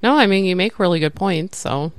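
A woman's voice: fairly low pitch, a little fast, no echo. A woman co-hosting a podcast who chats casually and agrees with short replies. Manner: agreeable, brief replies and laughs. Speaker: podcast co-host. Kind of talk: casual chat.

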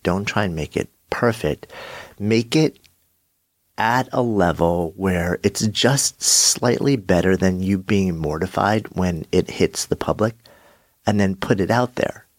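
Brief: middle-aged male podcast host, very low voice, a bit stuffy from a cold, dry close mic, thoughtful solo riff. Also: no echo. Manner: thoughtful, slows down and stresses words for emphasis. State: has a cold, slightly nasal. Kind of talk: reflective solo podcast monologue.

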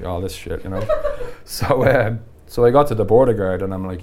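Deep-voiced man telling stories. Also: moderate pace, a little hiss or hum. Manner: animated, laughs often while telling stories. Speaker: podcast guest. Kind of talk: casual storytelling.

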